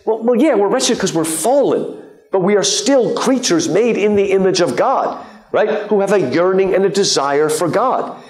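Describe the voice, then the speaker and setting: Male guest lecturer, fairly high voice, chatty and joking, heard in an echoey lecture hall. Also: normal speed. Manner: lively and joking, with many fillers and asides. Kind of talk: live lecture to an audience.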